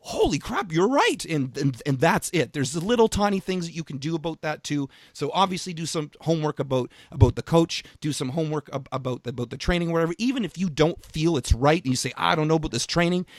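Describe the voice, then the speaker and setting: A man and fitness coach co-hosting a podcast, talking in an emphatic, energetic way with frequent restarts and repeated words. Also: on the high side, fast talker, few pauses, dry recording, studio quality. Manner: casual swearing. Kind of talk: casual podcast chat.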